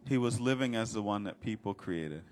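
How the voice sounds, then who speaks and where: A man's voice: lowish voice, animated, moderate pace, faint music behind. A male pastor preaching a sermon with a rhythmic, fervent litany and call-and-response.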